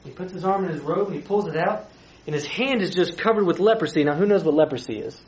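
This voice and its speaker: Man preaching casually, playful and chatty, fairly high voice, dull recording. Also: fast talker, darkish tone. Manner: chatty, playful, questions the group. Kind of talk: casual sermon retelling a Bible story. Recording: slightly dull recording with faint hiss.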